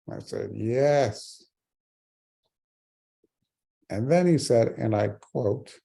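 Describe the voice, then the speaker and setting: Gravelly, very dark-voiced man telling a story. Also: lowish voice, big pitch swings, takes it slowly, long pauses. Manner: humorous, earnest storyteller. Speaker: keynote speaker. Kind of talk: personal storytelling speech.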